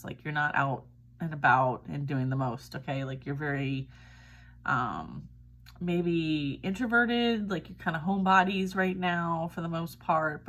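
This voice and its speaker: A woman's voice: low voice, a bit bright, slight background noise. A woman giving a casual tarot reading, chatty and reassuring, often checking in with "all right?". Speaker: tarot reader.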